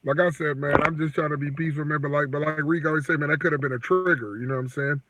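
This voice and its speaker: A man co-hosting a livestream, telling a story in animated casual chat and acting out the quotes. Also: fairly high pitch, quick pace, no echo. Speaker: livestream co-host.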